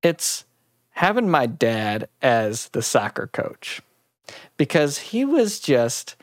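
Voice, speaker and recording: A man's voice: medium pitch, big pitch swings, slow pace, dry recording, studio quality. A man hosting a podcast in casual chat, rambling and self-mocking, often stumbling and restarting his sentences. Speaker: podcast host.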